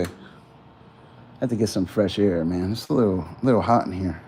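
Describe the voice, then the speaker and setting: A man's voice: sits low, moderate pace, long pauses, dark tone, a little hiss or hum. A man in loose, rambling casual chat, talking straight to his viewers and tossing in "man" and "bro.". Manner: loose and meandering, peppers talk with "man" and "bro"; chats directly to viewers, greeting them. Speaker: streamer.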